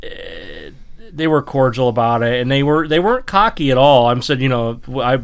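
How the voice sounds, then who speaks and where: Midwestern man co-host, rambling sports chat, mid pitch, lots of restarts. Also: big pitch swings, moderate pace, gravelly, clear, resonant tone. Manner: rambling, repeats words, many restarts. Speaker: podcast co-host.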